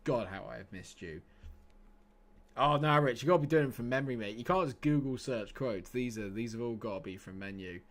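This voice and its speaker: A man streaming a football management game live, chatting excitedly and laughing often. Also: medium pitch, fairly quick. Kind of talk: casual live game commentary.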